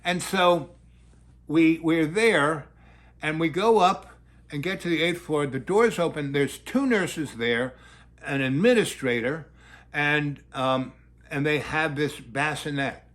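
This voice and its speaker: A man's voice: on the high side, slow, fairly bright tone. An older man telling a long, digressive anecdote in a loose, casual way, breaking into voices for the people in it. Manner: loose, digressive, acts out quotes. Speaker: storyteller.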